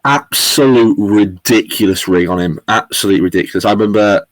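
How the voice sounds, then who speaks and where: A young man co-hosting a podcast, chatting casually and excitably, swearing and saying "mate" all the time. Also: lowish voice, moderate pace, dry recording, poor audio. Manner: excitable, swears a lot, says "mate" constantly. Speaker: podcast co-host. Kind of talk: casual chat.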